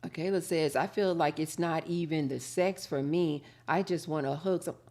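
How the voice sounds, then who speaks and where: A middle-aged woman hosting a casual live chat, reading viewer comments aloud and telling animated stories with drawn-out words. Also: low-pitched.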